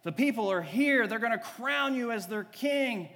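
Keen, pushy disciples , as a man puts them on in a sermon, talking up big plans with excited persuasion. The voice sits high and bright. It rings out with a long reverb, as in a large hall. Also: normal speed. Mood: eager. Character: eager male disciples pitching grand ideas.

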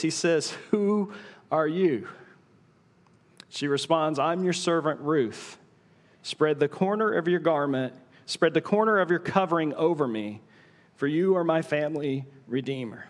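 A middle-aged male pastor preaching a sermon in a church auditorium, telling the story with dramatic pauses and hushed asides. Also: on the high side. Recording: long hall reverb.

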